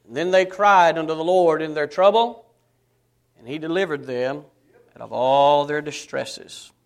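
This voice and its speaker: A man's voice: a little high, measured pace. A man preaching a sermon as pastor, calling out to the congregation and breaking into song.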